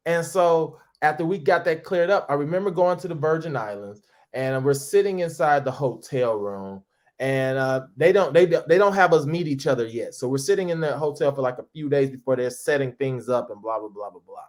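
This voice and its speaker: A man in his forties from St. Louis, a comedian telling a long story in an interview, acting out other people's voices. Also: fairly quick. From St. Louis, USA. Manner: lively, goofy, acts out quoted voices with big pitch jumps.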